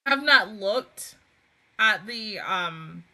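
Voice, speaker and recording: A woman hosting an anime reaction and review video, chatting in a rambling, animated way, correcting herself and swearing casually. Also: mid-range voice, slow.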